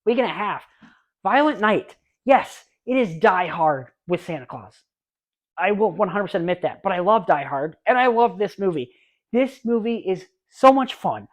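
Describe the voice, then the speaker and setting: A man's voice: sits high, expressive, normal speed. A man in his late twenties talking casually and eagerly about his favorite movies, rambling with restarts and asides. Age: late 20s. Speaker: YouTube movie reviewer. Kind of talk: casual movie review vlog.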